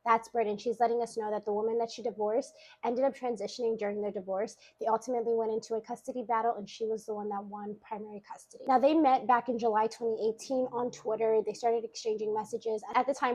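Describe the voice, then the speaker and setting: Woman narrator, brisk and higher-pitched, gossipy storytime delivery. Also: little pitch movement, darkish tone, rough recording. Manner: chatty gossip retelling, lots of "like" and acted quotes. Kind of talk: casual storytime recap.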